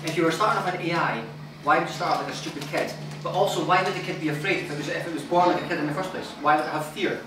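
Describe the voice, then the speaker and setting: A man's voice: a little high, very fast. A young man chatting bluntly about films as a co-host of a gaming video, swearing now and then. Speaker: let's play co-host. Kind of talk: casual chat. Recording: echoey room, distant mic, noisy.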